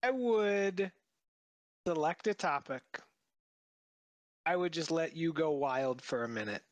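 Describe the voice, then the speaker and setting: A podcast co-host tells a kitchen mishap with an animated, laughing delivery. His voice swings widely up and down as he talks. The recording is dry and close, with no room sound. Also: on the high side, takes it slowly, no echo. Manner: animated, laughs between phrases. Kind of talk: casual storytelling chat.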